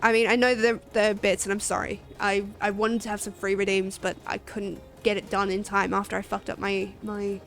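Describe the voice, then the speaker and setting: A woman's voice: medium pitch, little pitch movement, moderate pace, creaky, few pauses, soft background music. A woman streamer rambling in casual chat during a game stream, chatty and self-deprecating.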